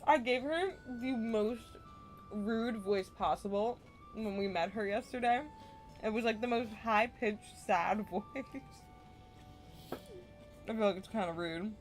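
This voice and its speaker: Relaxed, chatty woman streamer. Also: medium pitch, a little slow, long pauses, faint music behind. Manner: relaxed, chatty, self-deprecating, muttering asides. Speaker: gaming streamer. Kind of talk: casual gameplay commentary.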